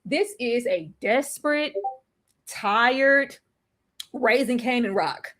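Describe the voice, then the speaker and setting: A young woman hosting a casual live show about a TV series, chatty and quick to laugh. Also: on the high side, expressive, a bit bright. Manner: chatty, laughs often, drawls phrases, slips into playful quoted voices. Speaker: TV recap vlogger. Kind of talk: casual chat to a live audience.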